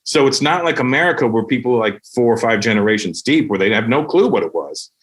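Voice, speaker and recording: A middle-aged man from Canada chats as a podcast guest. He tells animated stories and slips in and out of exaggerated voices for the people in them. His delivery is casual and profane, with a medium-pitched voice. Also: fast talker, breathy edge. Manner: animated storyteller who acts out voices with lots of profanity. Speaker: guest comedian.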